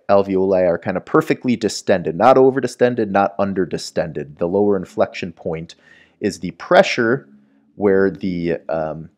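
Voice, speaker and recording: A man's voice: fairly low pitch, a little mellow. A man teaching a medical whiteboard lesson, explaining step by step and often checking in with the listener. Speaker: medical educator. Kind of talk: whiteboard lecture.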